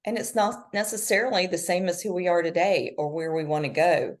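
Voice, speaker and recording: A woman's voice: steady tone, brisk. A middle-aged woman talking earnestly as a podcast guest, emphatic and encouraging. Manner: emphatic, earnest, speaks in sweeping swings of pitch. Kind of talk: motivational conversation.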